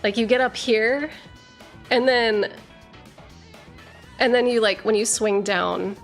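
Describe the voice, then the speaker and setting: A woman's voice: on the high side, slow, soft background music. Rambling woman streamer, slightly slurred. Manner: rambling, with many fillers and restarts, profane. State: struggling to articulate, slurring slightly. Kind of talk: casual live-stream chat, reading viewer messages.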